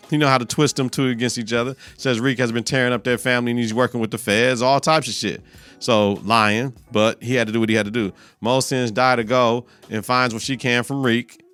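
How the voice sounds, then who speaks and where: A podcast host with a smooth, mid-range voice recaps a TV episode in a loose, profane, animated way, acting out the characters' lines in voices.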